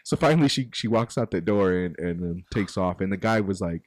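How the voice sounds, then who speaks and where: Brief: male podcast host, rapid-fire storyteller, swears freely, close dry sound. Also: sits low, no room sound. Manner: profane, animated anecdote-telling. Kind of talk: casual storytelling.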